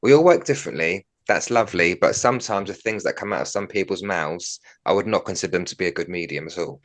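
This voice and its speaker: A man's voice: low voice, fast. A man hosting an interview and speaking in a frank, conversational way. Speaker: podcast host.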